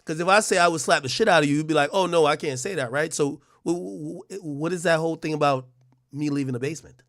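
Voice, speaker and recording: A brash man with a bright, forceful, fairly high voice rants a mocking roast, tripping over stammered restarts. The sound is close and dry. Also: fast talker, no room sound. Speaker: livestream host. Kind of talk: ranting roast monologue.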